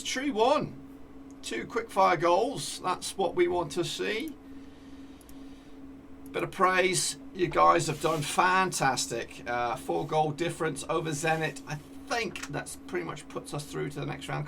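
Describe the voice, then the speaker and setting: A man giving excitable live commentary over a football management game, cheering at goals and talking to his players. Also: fairly high pitch, unhurried, vocal fry, recorded from a distance, a little hiss or hum. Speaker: gaming YouTuber.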